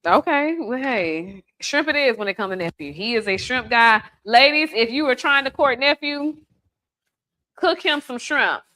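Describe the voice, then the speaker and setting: A woman's voice: on the high side, expressive, normal speed, pushed and bright. A woman hosting a casual home cooking demonstration in her kitchen, chatty and playful, teasing the person filming. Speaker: home cook host.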